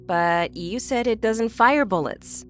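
A woman's voice: on the high side, slow pace, faint music behind. An actress playing a skeptical, blunt young woman in an audio drama, impatient and mocking. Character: skeptical, brash young woman, older sister.

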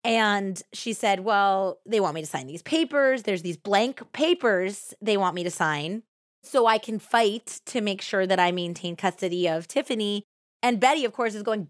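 A woman hosting a podcast, telling a true crime story in a conversational way and acting out quotes with lively shifts in tone. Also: medium pitch, normal speed, no echo, clean studio sound. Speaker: podcast host.

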